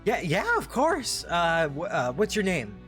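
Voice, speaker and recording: A man voicing an eager, friendly young male dog-boy guard who talks excitably and trips over his words. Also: medium pitch, moderate pace, faint music behind. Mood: flustered.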